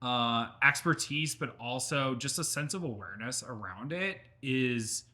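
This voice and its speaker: A man's voice: medium pitch, lively intonation, unhurried, bright, forceful tone. A man hosting a podcast, chatting casually in a rambling way, swearing and laughing often. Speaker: podcast host. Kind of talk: casual interview chat.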